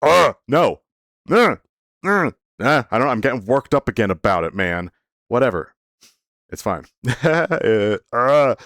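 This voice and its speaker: A man telling a casual storytime monologue as a vlogger, rambling and animated, with many fillers and sudden jumps in pitch, playfully teasing his listeners. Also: clear, resonant tone, no room sound, studio quality.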